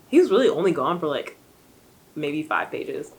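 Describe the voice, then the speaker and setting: Expressive and a little fast, her lowish voice comes through on a low-quality recording. The young book vlogger gives a rambling, casual recap, chatty and loaded with fillers and asides.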